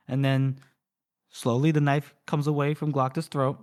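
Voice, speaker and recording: A man's voice: mid-range voice, level tone, moderate pace. Guy casually retelling a book chapter on a podcast, lots of uh and you know. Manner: rambling retelling with quoted dialogue and fillers. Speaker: podcast co-host.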